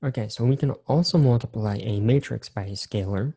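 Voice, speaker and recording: A man's voice: mid-range voice, brisk, dark tone, breathy edge. A man teaching an engineering programming lesson, talking casually and walking through examples step by step with some repetition. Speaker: engineering instructor. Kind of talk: recorded screen-share lecture.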